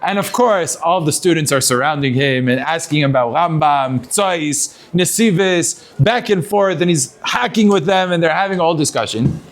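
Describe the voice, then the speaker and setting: A man, a rabbi, giving a sermon to students. He tells a story in an animated way and mixes in Hebrew terms. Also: a little high, moderate pace, few pauses.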